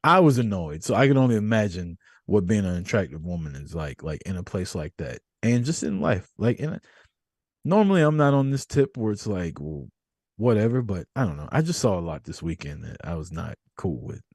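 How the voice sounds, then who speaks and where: Husky low-voiced man telling profane stories. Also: brisk, dry recording, studio quality. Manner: profane, storytelling, animated. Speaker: podcast host. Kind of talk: casual chat.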